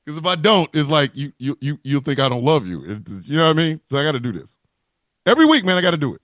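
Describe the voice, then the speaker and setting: A man riffing on a wrestling livestream, profane and playful, with a lively, swooping delivery. His voice comes through a desktop mic on a video call. The sound is dry, with no room around it. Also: a little high, fast talker, no room sound. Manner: profane, joking, animated. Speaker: co-host of a wrestling talk livestream. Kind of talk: casual livestream banter.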